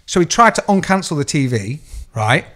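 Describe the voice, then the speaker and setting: A man co-hosting a podcast, telling a story in a sweary, animated way. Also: a little high, normal speed. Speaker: co-host. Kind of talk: casual podcast chat.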